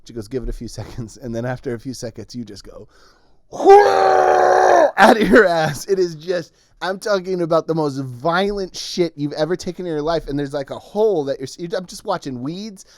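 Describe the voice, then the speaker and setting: A man co-hosting a comedy podcast, spinning a crude story with lots of laughter. His voice sits somewhat high for a man, and the recording is dry and close. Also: expressive, brisk, no echo. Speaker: podcast co-host.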